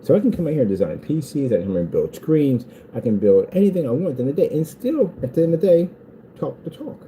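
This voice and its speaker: Vlogger, male, very dark tone, lively pitch, mocking rant, faint noise behind. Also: quick pace, low-quality recording. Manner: taunting, mocking haters in a sing-song voice. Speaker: small business owner. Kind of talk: rambling vlog rant.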